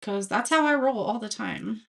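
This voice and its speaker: Speaking at normal speed in a slightly high, creaky voice, a woman hosts a live craft tutorial. She's chatty and self-mocking, laughing at her errors and reading viewers' comments out loud.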